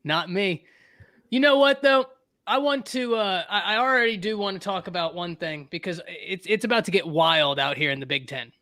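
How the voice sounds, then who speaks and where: High-voiced animated sports show host man. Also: moderate pace. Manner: animated, joking, repeats phrases for emphasis. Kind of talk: casual sports talk.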